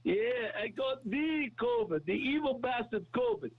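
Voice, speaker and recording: A man's voice: very high-pitched, very animated, moderate pace, exaggerated voice. A man voicing a cocky, teasing male sports-fan caller who phones in to a talk show. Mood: brash. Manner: teasing, brash. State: coughing with a cold. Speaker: recurring comic caller. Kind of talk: call-in bit.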